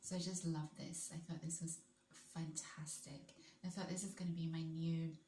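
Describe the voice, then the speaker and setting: Woman vlogger, lower-pitched and enthusiastic, loose casual chat, echoey room. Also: little pitch movement, normal speed, warm tone, a little hiss or hum. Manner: chatty, enthusiastic, rambling with restarts.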